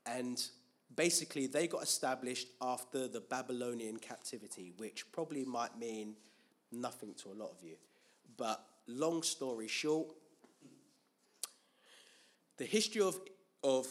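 A man preaching a Bible teaching sermon, asking rhetorical questions and answering them himself, with frequent restarts and repeated words. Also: medium pitch.

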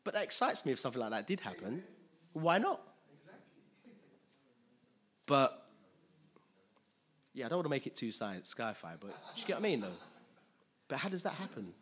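A man preaching a conversational sermon, chatty and quick to laugh, often asking listeners if they follow. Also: mid-range voice, sing-song, fairly bright tone, slightly rough.

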